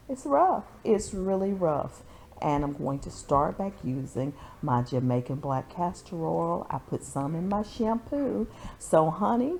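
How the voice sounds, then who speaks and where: Sassy middle-aged woman vlogger, low gravelly voice, chatty with her viewers. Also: darkish tone, slight background noise. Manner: sassy, talks to viewers as "honey" and "y'all". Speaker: beauty vlogger. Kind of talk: casual chatty vlog.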